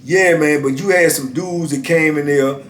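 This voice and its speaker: A middle-aged man spins a casual story in a laid-back, easygoing way and keeps dropping in "man". His voice sits slightly high for a man. The room around him has a roomy echo. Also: normal speed, slight background noise. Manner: laid-back, lots of "man" and "you know what I'm saying". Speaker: storyteller, former prisoner.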